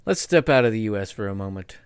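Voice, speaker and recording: Lively male co-host with a bouncy, expressive voice and dry, close sound. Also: lowish voice, quick pace, smooth, no room sound. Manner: animated, laughs often. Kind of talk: casual chat.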